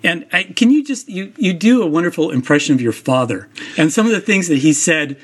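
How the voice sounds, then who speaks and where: Male host interviewer, thoughtful questions, exploratory, fairly high voice. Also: sing-song, brisk, slightly rough.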